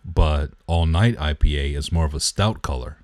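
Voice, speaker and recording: A man's voice: rumbling low, normal speed, no echo, studio quality. A man co-hosting a podcast in casual chat, teasing and nitpicking about beer. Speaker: podcast co-host.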